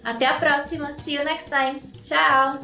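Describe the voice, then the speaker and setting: A Brazilian woman with a Brazilian Portuguese accent teaching Portuguese words, cheerfully repeating each word slowly and giving its English meaning. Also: high voice, flat delivery, gravelly, pushed and bright, soft background music. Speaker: language teacher. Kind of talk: bilingual vocabulary lesson. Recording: echoey room with faint noise.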